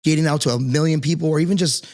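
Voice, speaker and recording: Hosting a relaxed interview podcast, this martial arts instructor speaks quickly in a higher, slightly mellow voice. His earnest talk wanders, full of fillers and restarts.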